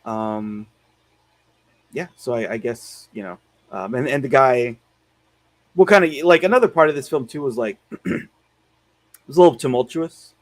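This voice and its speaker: A man's voice: mid-range voice, normal speed, pauses often, dry recording. A man hosting a casual film review podcast, rambling with many fillers and restarts. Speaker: podcast host.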